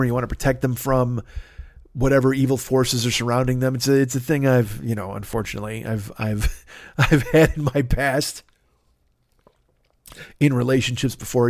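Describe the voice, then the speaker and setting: A man hosting a podcast, ranting in a casual comedic monologue, swearing constantly and jumping into sudden high-pitched outbursts. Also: darkish tone, dry recording, studio quality. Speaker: podcast host.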